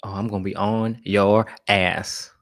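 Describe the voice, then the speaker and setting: A man voicing a protective male German Shepherd dog that is relaxed toward a guest its owner has accepted, talking in a casual, laid-back way in a low voice. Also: a little slow.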